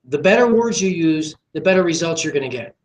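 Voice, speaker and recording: A man's voice: on the high side, animated, fairly quick. A confident, assertive man giving a live sales training talk to a small group, acting out what he says to people. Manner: confident, assertive, acts out dialogue. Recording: echoey room recording.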